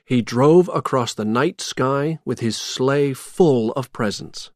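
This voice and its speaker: A narrator reading a simple storybook clearly and expressively. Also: mid-range voice, slow pace, a little mellow, no echo, clean studio sound. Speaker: audiobook narrator. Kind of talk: graded reader storybook narration.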